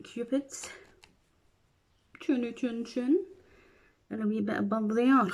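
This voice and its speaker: A woman's voice: on the high side, fairly even intonation, slow, long pauses, a little mellow. A Scottish woman chatting playfully through a makeup tutorial at home, with silly asides as she works. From Scotland. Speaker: beauty vlogger.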